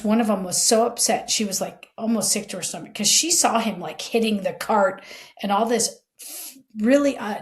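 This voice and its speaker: A middle-aged woman, a former police chief co-hosting a podcast, tells a story in casual chat, acting out the lines of the people in it and swearing freely. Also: mid-range voice. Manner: animated storyteller, acting out quoted lines, frank and profane.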